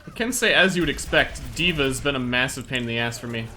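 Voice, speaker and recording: A young man chatting casually while streaming a game, excitable and quick to laugh. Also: mid-range voice. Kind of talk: casual gameplay commentary.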